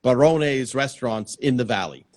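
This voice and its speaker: A man hosting a casual live-stream chat, reading out viewer questions in a relaxed way. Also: medium pitch, moderate pace, no room sound, studio quality. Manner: relaxed, reads viewer comments aloud. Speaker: host.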